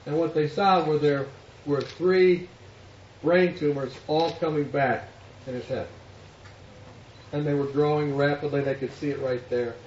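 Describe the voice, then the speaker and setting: Man, pastor, high voice, lively storytelling sermon, echoey hall, heard from a distance, dull sound. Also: unhurried, pauses often, slight background noise. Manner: animated storyteller acting out quoted voices.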